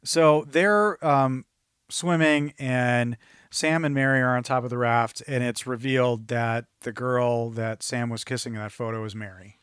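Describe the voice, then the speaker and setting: A man's voice: medium pitch, steady tone, a little slow, fairly bright tone, clean tone, dry recording, clean studio sound. A man co-hosting a podcast, chatting casually and rambling through a movie recap with laughs. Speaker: podcast co-host. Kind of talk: casual movie review chat.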